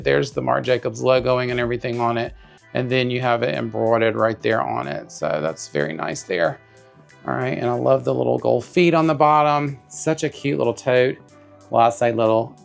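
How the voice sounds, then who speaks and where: Chatty gravelly man unboxing. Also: mid-range voice. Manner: chatty, enthusiastic, addresses viewers as y'all. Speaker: bag reviewer. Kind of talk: casual unboxing vlog.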